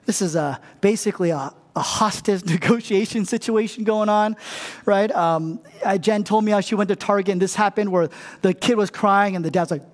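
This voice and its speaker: High-voiced male pastor, chatty sermon. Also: normal speed, long reverb tail. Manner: casual and humorous, often asks the crowd "right?". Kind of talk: conversational sermon.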